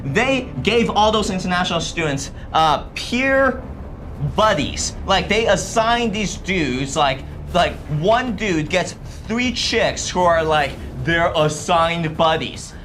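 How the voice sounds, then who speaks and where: A man from China, a native Chinese speaker, talks straight to camera in an opinionated, lecturing way. His voice sits a little high and sounds bright and forceful. He drives his points home with rhetorical questions. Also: expressive, takes it slowly, faint music behind. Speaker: vlog co-host. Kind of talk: casual opinionated commentary to camera.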